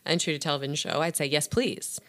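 A woman co-hosting a comedy podcast with a low, deep voice, recorded close and dry. Her delivery is deadpan and wry. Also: fast talker, dry recording. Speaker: podcast co-host. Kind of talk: improvised comedy chat.

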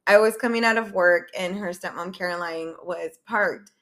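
A woman's voice: fairly low pitch, moderate pace. Laughing, swearing woman telling stories. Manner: animated storytelling, swears freely, laughs often. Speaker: podcast co-host. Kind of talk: casual chat.

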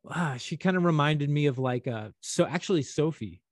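A man's voice: on the high side, moderate pace, no echo, studio quality. Man from St. Louis spinning a tale. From St. Louis, USA. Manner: animated, rambling storyteller. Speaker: podcast co-host. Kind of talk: casual storytelling chat.

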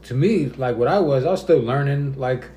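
A man's voice: medium pitch, a little fast, roomy sound. A man in his thirties, a podcast host, chatting casually and acting out the people in his stories. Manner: animated storyteller, acts out quotes. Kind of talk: casual chat.

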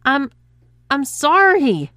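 A woman's voice: medium pitch, animated, normal speed, sharp tone, clear, resonant tone, no echo, clean studio sound. A woman voicing a brash, cocky adult husband who blusters indignantly.

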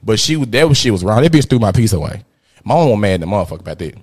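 A man, a podcast host telling a rowdy, profane story in casual chat, jumping between loud outbursts and muttered asides. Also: lowish voice, big pitch swings, very fast. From Memphis, USA. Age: 30s.

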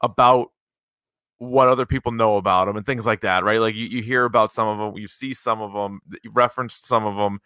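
A man hosting a podcast, chatting casually in an upbeat way with quick asides. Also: on the low side, fairly even intonation, sharp tone, clear, resonant tone, no room sound, studio quality. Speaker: podcast host.

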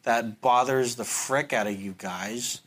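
A man's voice: medium pitch, measured pace. A man in casual conversation who stumbles and repeats words, then argues playfully over how words are said. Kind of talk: casual banter.

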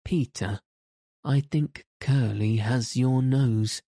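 A man's voice: medium pitch, takes it slowly, mellow, no echo, clean studio sound. Wendy, a man reading as a prim girl. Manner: prim and earnest. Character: Wendy, a prim earnest young girl playing mother.

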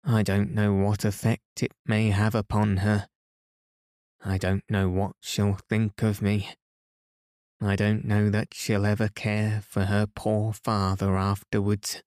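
A man reading the part of a remorseful elderly father who talks softly and slowly, pleading as he speaks. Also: on the low side, completely flat delivery, dry recording, clean studio sound.

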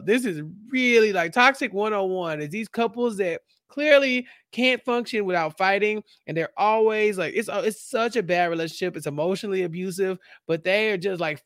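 High-voiced young man giving slangy takes. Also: normal speed, hardly any pauses, no room sound, studio quality. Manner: animated, slangy opinions. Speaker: podcast co-host. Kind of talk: casual TV recap chat.

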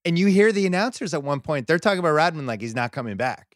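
A man's voice: on the high side, lively intonation, fast talker, no room sound, studio quality. A man guesting on a sports podcast, talking conversationally with emphatic asides. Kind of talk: casual sports chat.

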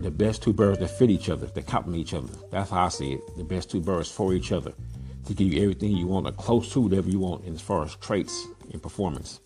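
A man's voice: deep voice, dark tone. A man from Southern California hosting a podcast, giving a blunt, preachy monologue full of rhetorical questions. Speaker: podcast host, pigeon breeder. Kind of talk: casual monologue.

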